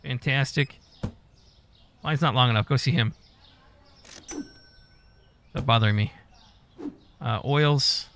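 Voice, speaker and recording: A man's voice: mid-range voice, slow, long pauses, a bit bright, a little hiss or hum. A man giving casual, profane gameplay commentary, mock-scolding customers and staff as he plays. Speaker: gaming YouTuber.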